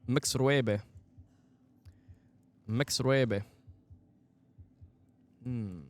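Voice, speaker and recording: A man streaming a game, giving casual, excitable commentary, swearing often and talking to his chat. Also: medium pitch, moderate pace.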